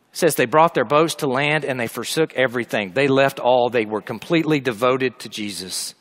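High-voiced animated preacher man. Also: brisk, hardly any pauses. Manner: animated storytelling, humorous asides. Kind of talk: sermon.

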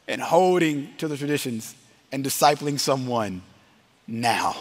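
A man preaching a sermon to a congregation in a chapel, energetic and quick to laugh at himself, stretching out the words of a solemn benediction. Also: mid-range voice. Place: chapel or hall with a live audience.

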